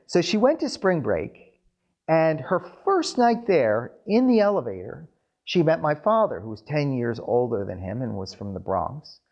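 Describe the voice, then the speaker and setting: A man telling a family story to a live audience in an animated storytelling style with wry asides. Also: a little high, normal speed, gravelly, highs cut off.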